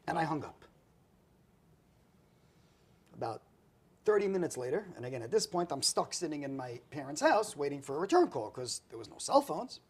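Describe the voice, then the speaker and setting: A man's voice: medium pitch, a little fast, breathy edge. A man telling a long personal story in a casual chat, eating spicy food as he talks. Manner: animated anecdotal storytelling with acted quotes. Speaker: guest storyteller.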